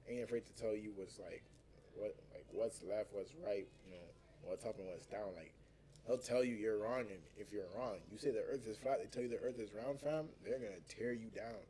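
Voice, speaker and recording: A man's voice: on the low side, warm tone, a little hiss or hum, poor audio. A young man co-hosting a podcast, telling stories in a laid-back, slangy way and laughing often. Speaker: podcast co-host. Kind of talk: casual podcast chat. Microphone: studio mic.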